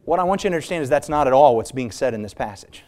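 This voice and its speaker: A man preaching a sermon, emphatic, drawing out key words slowly and putting rhetorical questions to his listeners. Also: expressive, a little mellow. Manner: emphatic, stretches key words slowly and rises in pitch for stress; asks the congregation rhetorical questions.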